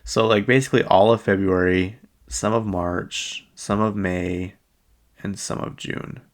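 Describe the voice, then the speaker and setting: A man's voice: lowish voice, fairly even intonation, unhurried. A man hosting a casual pop-culture chat, rambling and chatty with frequent ums. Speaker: podcast host.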